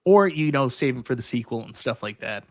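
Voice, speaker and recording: An excitable middle-aged man chatting casually as a podcast host. His voice sits at an ordinary pitch and he talks with animated fan energy. The sound is close and dry. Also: a little fast, no echo. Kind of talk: casual chat.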